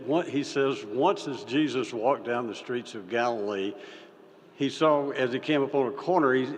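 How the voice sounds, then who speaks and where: An older man giving a folksy, halting speech as a state senator, with many fillers and restarts. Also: mid-range voice. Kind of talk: folksy speech with a told story. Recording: reverberant hall.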